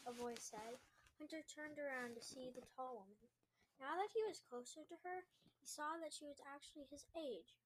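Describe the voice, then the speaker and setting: A young woman host reading aloud her own short story, in an earnest, halting read-aloud manner. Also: high voice, a little hiss or hum.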